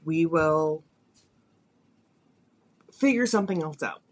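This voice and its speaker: A woman with a low-sitting voice speaks slowly as she hosts a podcast. She tells a personal story in a confessional, emotional way, her voice rising and falling with feeling.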